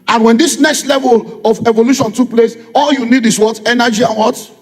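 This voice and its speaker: A man's voice: very high voice, fairly even intonation, brisk. A middle-aged man with a Nigerian accent, preaching a sermon as a pastor, firing repeated rhetorical questions at his congregation. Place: church. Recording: long reverb of a church hall.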